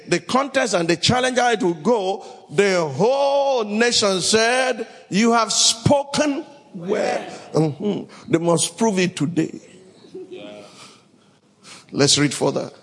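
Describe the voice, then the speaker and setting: Preacher guy, dramatic, shouts out lines, husky voice, big echoey hall. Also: sits high. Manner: dramatic, shouting bursts, Bible reading, call-and-response. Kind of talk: sermon. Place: large hall with congregation.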